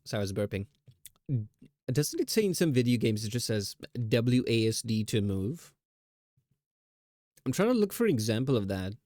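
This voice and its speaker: A man's voice: mid-range voice, very animated, normal speed, pauses often, a little mellow, no echo, clean studio sound. A man streaming live, chatting casually in a rambling, self-teasing way with laughs.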